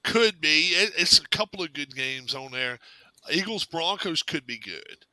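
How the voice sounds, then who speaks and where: A man spins a laughing story in a loose, drawling way, slipping into the voices of the people he quotes. His voice is very bright and a touch high. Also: animated, measured pace, dry recording, poor audio. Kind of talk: casual storytelling and sports chat.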